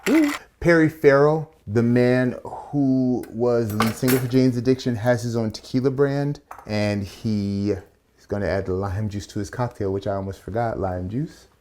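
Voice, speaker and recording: Casting: male bartender host, mid-pitch, loose chatty tutorial delivery, playful slangy asides. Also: moderate pace, background noise. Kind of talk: casual cocktail tutorial.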